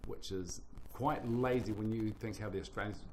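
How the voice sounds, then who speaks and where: Soft-spoken New Zealand man. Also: fairly low pitch, fairly even intonation, a little hiss or hum. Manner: soft, quiet and unhurried. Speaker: singer and guitarist. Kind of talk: casual interview answers.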